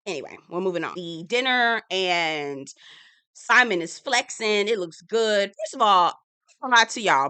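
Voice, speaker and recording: Young woman, sassy TV recap, bright edgy tone, dry close sound. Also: fairly low pitch, normal speed, clean tone, no echo. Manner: sassy, animated, acts out quoted lines. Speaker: TV recap reviewer. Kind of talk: casual reality TV recap commentary.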